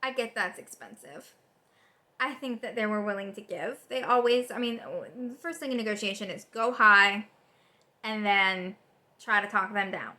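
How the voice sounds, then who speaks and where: A woman political vlogger in an unscripted, angry rant, exasperated and swearing, with rapid repetitions and restarts. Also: medium pitch, bright, forceful tone.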